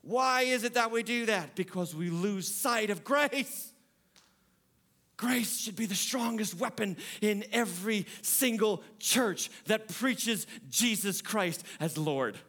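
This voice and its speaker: A man preaching a sermon in a fairly high voice. He swings from loud, high-pitched emphasis down to hushed, low lines, and he repeats his key phrases for effect. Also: animated, takes it slowly. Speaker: pastor.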